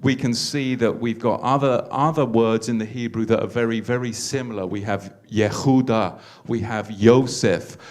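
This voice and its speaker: A man's voice: medium pitch, fairly even intonation, normal speed, few pauses, a little mellow. A man hosting a religious teaching talk, earnest and preacherly, often repeating his words as he builds a point. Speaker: host.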